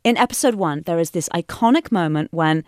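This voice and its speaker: A woman's voice: on the low side, lively intonation, brisk, no room sound, studio quality. A woman hosting a casual podcast quiz, playful and teasing as she quizzes her co-hosts. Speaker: quiz host.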